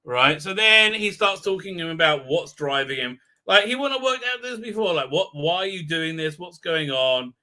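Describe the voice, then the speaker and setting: A man's voice: sits high, animated, moderate pace, hardly any pauses, sharp tone. A man hosting a live stream, recapping an episode in a rambling, irreverent way with lots of fillers. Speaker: show host.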